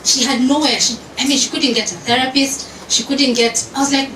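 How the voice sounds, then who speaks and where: Her voice is high and a little fast, with few pauses, as this woman on an event panel tells animated stories and code-switches into Swahili. She interacts with an audience in an event hall, and the noisy recording echoes as if made from far away.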